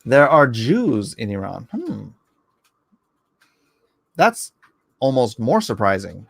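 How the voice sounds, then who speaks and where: A man's voice: mid-range voice, big pitch swings, takes it slowly, creaky, slightly rough, dry recording. A man hosting a livestream in a casual, rambling, jokey way, reading chat comments aloud and answering them. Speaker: livestream host.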